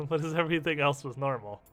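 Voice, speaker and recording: A man's voice: on the high side, brisk, faint music behind. A young man streaming a game, joking and swearing casually as he talks through his choices. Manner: joking, profane, animated. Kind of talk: casual gameplay commentary.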